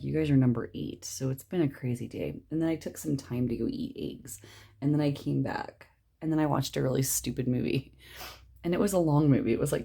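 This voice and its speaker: A woman's voice: low-pitched, creaky, warm tone, husky. A woman giving a casual, chatty tarot reading, rambling as she lays out cards. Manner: chatty, rambling, drops to a whisper at times. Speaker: tarot reader.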